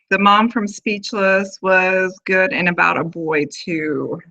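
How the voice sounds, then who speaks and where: A woman's voice: on the low side, steady tone, takes it slowly, few pauses, bright, forceful tone, lo-fi sound. A woman in her thirties hosting a casual video chat from home, rambling with lots of fillers. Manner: chatty, rambling, full of fillers. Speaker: host of a live video chat.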